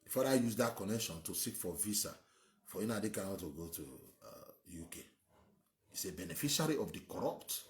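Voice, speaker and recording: Nigerian man, host, lively rising-and-falling delivery, repeats himself for emphasis, opinion piece. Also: fairly low pitch, a little fast. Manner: emphatic, repetitive, rambling. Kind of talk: opinionated monologue.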